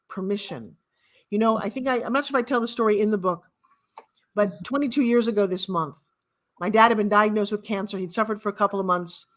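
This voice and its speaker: Her medium-pitched voice sounds a bit bright as this sixty-something guest author delivers motivational storytelling. She repeats and emphasizes her phrases.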